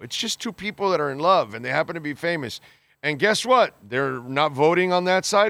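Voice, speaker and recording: A man's voice: a little high, lively intonation, moderate pace, creaky, a bit bright, no echo. A man hosting a radio show, reading listener messages aloud and giving blunt, opinionated takes, swearing casually and calling people bro. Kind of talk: casual call-in radio talk.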